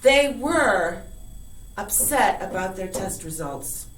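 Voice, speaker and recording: A woman high school English teacher gives a recorded lesson, playful and lively as she repeats key words for emphasis. She talks at an unhurried, deliberate pace with a middle-pitched voice. The room around her rings with a noticeable echo. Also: slight background noise. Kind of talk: recorded online grammar lesson. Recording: echoey room.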